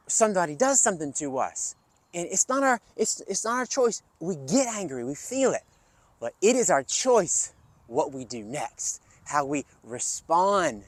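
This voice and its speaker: A man hosting an energetic kids' lesson, coaching children through calming breaths and movement. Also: fairly high pitch, no echo. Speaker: kids' fitness and social-emotional learning host.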